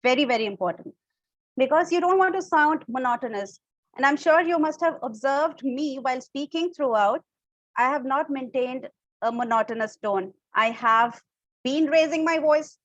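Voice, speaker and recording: A woman's voice: high-pitched, normal speed, fairly bright tone, no room sound, lo-fi sound. A woman with an Indian English accent, teaching a public speaking class online, explaining step by step and checking in with her listeners. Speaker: public speaking workshop instructor.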